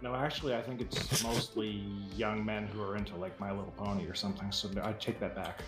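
A man co-hosting a casual podcast, teasing the others with quick wisecracks. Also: on the low side, little pitch movement, a bit bright, faint music behind, low-quality recording. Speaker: podcast co-host.

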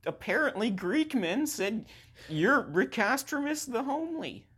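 A woman's voice: on the high side, sing-song, unhurried, a bit bright, slightly rough, full character voice. A woman playing a dim-witted creature from hell who co-hosts a podcast. She talks in a rambling, scatterbrained way and often loses her thread, in an improvised comedy podcast. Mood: absent-minded. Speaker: co-host. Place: podcast studio.

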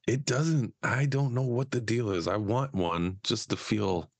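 A man's voice: mid-range voice, unhurried, husky, dry recording. A man co-hosting a podcast about mental health in casual, jokey chat, a bit stuffy from a slight cold. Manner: jokey, self-deprecating, laughs often. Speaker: podcast co-host.

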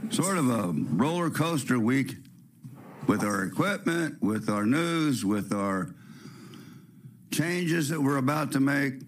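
Raspy, sniffly man hosting a slow radio show. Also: mid-range voice, slight background noise. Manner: rambling, with rhetorical questions and restarts. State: sniffly with a cold. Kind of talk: preachy spiritual radio talk.

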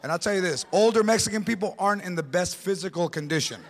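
Gravelly high-voiced stand-up comedian. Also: male voice, fast talker. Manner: animated storytelling, mixing in Spanish words.

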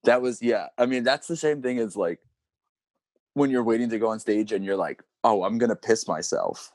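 A man's voice: on the low side, normal speed, a little mellow, no echo. A man guesting on a podcast, chatting casually in a wry, self-mocking way. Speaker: guest comedian.

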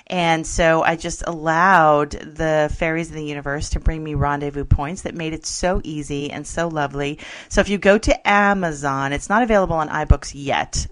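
A woman hosting a radio talk show, upbeat and chatty, laughing often as she talks. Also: sits low. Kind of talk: casual radio chat.

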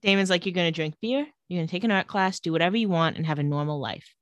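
A woman co-hosting a podcast, recapping a TV episode in casual chat and retelling scenes in a flat, lowered voice. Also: fast, no echo, muffled recording.

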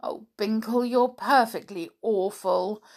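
A woman's voice: a little high, lively intonation, takes it slowly, pitched above the performer's own voice. A woman voicing a timid, anxious male bunny in a children's storybook, fretful and nervous.

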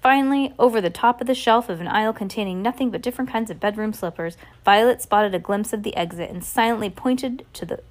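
A woman's voice: medium pitch, fast talker, hardly any pauses. A woman reading a novel aloud in a casual way, with small slips and restarts. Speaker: reader.

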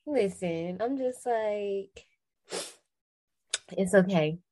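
A woman's voice: mid-range voice, drawn-out words, warm tone. A woman in her twenties, a podcast co-host, recapping a film in casual, slangy chat and laughing often.

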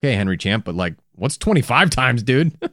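A man co-hosting a casual true-crime podcast, his pitch rising and falling in an animated way as he tells the story. He breaks off for wry, profane asides. The sound is dry and close. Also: fairly quick, no echo. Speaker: podcast co-host.

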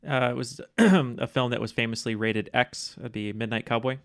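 A man answering movie trivia in an easy, dry, unhurried way. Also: mid-range voice, vocal fry, no room sound. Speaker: trivia contestant. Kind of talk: casual game chat.

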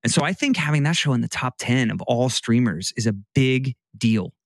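In a studio-quality recording with no room sound, a podcast co-host chats casually, wandering off and starting sentences over. His mid-range voice is expressive and moves at a moderate pace.

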